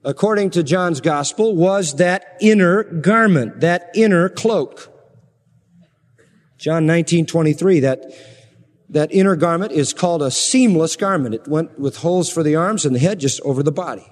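A high-pitched man preaching a sermon, his voice trailing off into the long reverb of a big hall. He swings between ringing, emphatic passages and hushed, low ones. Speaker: pastor.

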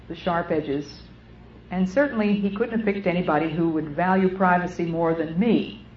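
A middle-aged woman giving an earnest, measured sermon with deliberate phrasing. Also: lowish voice, slight background noise. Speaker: speaker. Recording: muffled old recording in an echoey hall.

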